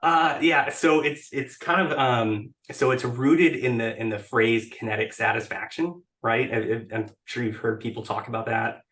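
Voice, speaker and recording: A man's voice: mid-range voice, fairly even intonation, moderate pace, hardly any pauses, fairly bright tone. A man speaking as a guest over a video call, talking casually with many fillers and restarts. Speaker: podcast guest, blog editor. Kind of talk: casual interview talk.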